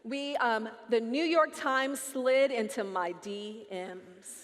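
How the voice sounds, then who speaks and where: On a conference stage in a large hall, a featured speaker addresses the live audience directly, playful and teasing in an animated talk. Her voice is on the high side, slow, and a bit bright, and the recording carries long hall reverb.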